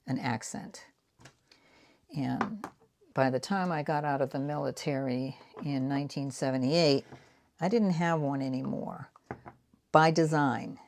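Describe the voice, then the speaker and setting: An extremely low, steady voice with vocal fry and a slightly mellow quality comes at a measured pace, broken by long pauses. The speaker is a sixty-something art vlogger with a Boston accent, chatting casually about her prints and joking at her own expense while painting.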